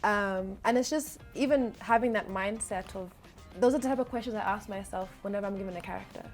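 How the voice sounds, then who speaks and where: A woman's voice: mid-range voice, a little fast, soft background music. A young woman from Zambia, an actress and model, chatting casually as an interview guest with light humour and frequent laughs.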